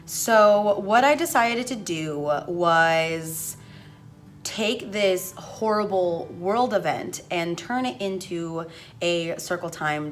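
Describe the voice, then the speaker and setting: A woman's voice: fairly low pitch, fairly bright tone. A young woman teacher talking earnestly and with strong feeling in a personal vlog, close to tears at times. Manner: earnest, impassioned, slow-spoken. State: emotional, near tears. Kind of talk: reflective vlog talk.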